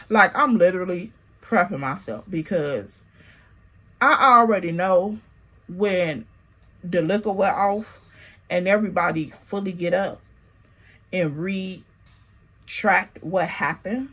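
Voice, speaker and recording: A woman telling a casual storytime, animated and slangy, talking straight to the viewer. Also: on the low side, takes it slowly, pauses often, breathy edge. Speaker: storytime vlogger.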